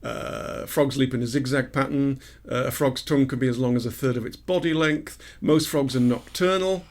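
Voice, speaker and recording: A man co-hosting a chatty podcast, his voice at an ordinary middle pitch. He reads out trivia and tells a daft joke, pausing often with ums and uhs. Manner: reads out trivia with many fillers, jokey storyteller. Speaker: podcast co-host. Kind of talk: casual chat.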